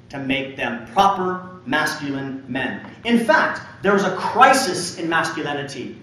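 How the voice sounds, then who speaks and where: Male lecturer, fairly high voice, emphatic storyteller with dry jokes; caught from across a big reverberant hall. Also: pushed and bright, a little hiss or hum. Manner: storytelling, emphatic, with pointed humor. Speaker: university lecturer. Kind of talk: public lecture. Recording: echoey hall from far off.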